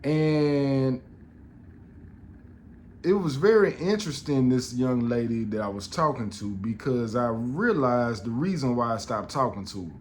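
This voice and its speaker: A man's voice: mid-range voice, a little slow, darkish tone, slight background noise. A middle-aged man, telling a story on a podcast in an exasperated, profane rant full of restarts. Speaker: podcast host.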